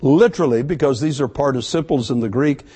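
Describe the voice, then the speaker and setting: Male pastor, mid-pitched, delivering an emphatic sermon with repeated words for stress. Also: fairly quick, dark tone, husky.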